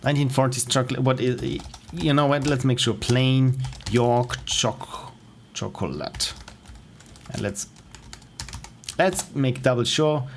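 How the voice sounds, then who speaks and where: A man with a German accent, a native German speaker, chats casually on a livestream as a game developer. His medium-pitched voice has fairly even intonation and a moderate pace, and he rambles, interrupts himself, chuckles often and leaves long pauses. There's a little hiss or hum in the recording.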